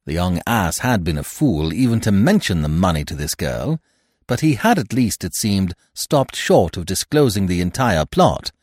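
A man narrating a classic comic novel in an expressive, animated storytelling manner. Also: sits low, normal speed, dry recording, clean studio sound. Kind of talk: audiobook narration.

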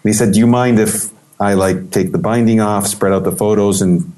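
A man's voice: on the low side, brisk. A middle-aged man in a casual interview, telling a long story with lots of life and playing out the people in it. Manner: animated anecdotal storytelling, acts out quoted voices. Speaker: interview guest, photographer.

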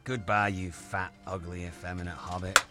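A man's voice: low-pitched, little pitch movement, moderate pace, pushed and bright, faint music behind, pitched below the performer's own voice. A man voicing a haughty male hobbit who mocks his companion. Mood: snooty. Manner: mocking, snooty insults.

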